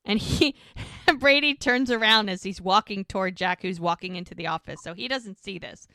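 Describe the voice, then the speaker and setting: Woman podcast host, bright voice, dry close sound, acts out the scenes as she recaps. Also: medium pitch, moderate pace, dry recording. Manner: animated retelling, acting out characters' lines. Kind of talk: casual chat.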